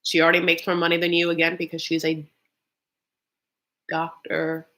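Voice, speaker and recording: A woman's voice: lowish voice, monotone, normal speed, fairly bright tone. A woman hosting a live reaction stream, chatting casually and sassily with lots of filler words. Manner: chatty and sassy, full of "like" and "honey". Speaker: live reaction show host. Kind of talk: casual commentary.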